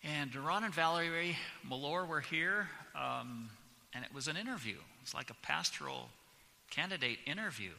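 A pastor preaching a sermon in a church, speaking slowly and with strong emphasis. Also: male voice, a little high, expressive, gravelly, pushed and bright. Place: church sanctuary. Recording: long church reverb.

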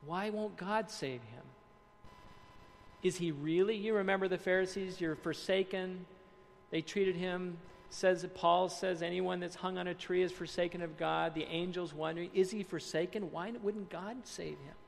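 A man preaching a sermon, reading quotes aloud, then explaining them with dramatic pauses and hushed emphasis. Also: sits high, fairly even intonation, vocal fry, in a large hall, slight background noise.

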